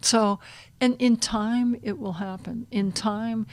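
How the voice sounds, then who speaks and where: A middle-aged woman, an animal communication counselor, talking in a soft, guiding way that sometimes drops to a hushed near-whisper in a podcast interview. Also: on the high side, steady tone, takes it slowly, slight background noise.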